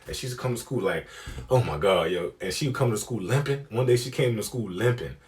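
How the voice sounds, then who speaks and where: A young man telling a comic story, profane and animated, acting out the people he quotes. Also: mid-range voice, quick pace. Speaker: comedian. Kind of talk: storytelling comedy.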